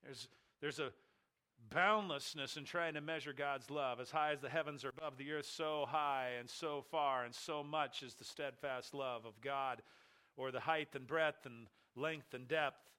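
A man's voice: medium pitch, fairly even intonation, a little slow, pushed and bright, smooth. A male pastor preaching an expository sermon, emphatic, repeating key phrases and asking and answering his own rhetorical questions.

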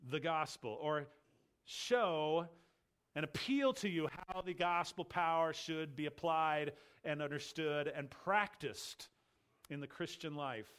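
Emphatic preacher man, slightly higher voice. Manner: emphatic, swings between loud urging and quiet low asides; builds through repeated phrases. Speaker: pastor. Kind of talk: expository sermon.

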